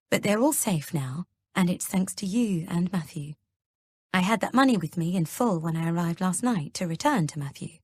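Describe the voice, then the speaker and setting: A woman reading an audiobook, voicing a composed, self-assured older mother-in-law who explains herself slowly and deliberately. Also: lowish voice, husky, no room sound.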